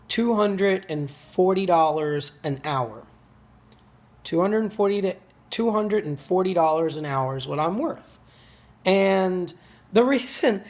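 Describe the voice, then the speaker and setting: A man talking straight to camera in a rambling, frank vlog monologue, swearing freely as he thinks aloud about money and goals. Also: sits high. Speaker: entrepreneur vlogger.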